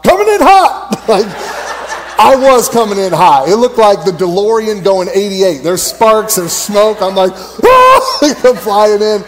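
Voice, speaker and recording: A fairly high-voiced man speaking at church in a loose, storytelling way. He rambles, fills gaps with "uh" and "like," and breaks into laughter as he talks. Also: a little hiss or hum. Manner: rambling, laughs often, many fillers. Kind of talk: casual storytelling sermon.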